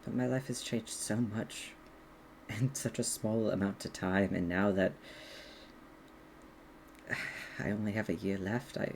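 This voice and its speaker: A game master voicing a shy male dragon in human form, speaking softly and hesitantly as he confesses his love. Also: low-pitched, steady tone, slight background noise, voice pushed down. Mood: tender. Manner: soft, hesitant, halting confession. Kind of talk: in-character tabletop role-play.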